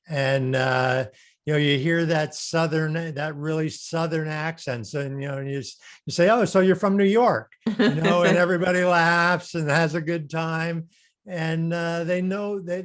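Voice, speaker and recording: A middle-aged man speaking as an interview guest, earnest and conversational, often repeating and restarting words as he makes his point. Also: fairly high pitch. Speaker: guest, customer service speaker. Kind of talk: casual interview chat.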